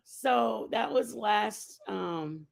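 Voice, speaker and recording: A woman's voice: medium pitch, creaky. A woman hosting a casual live stream, rambling and chatting with her viewers and answering their messages by name.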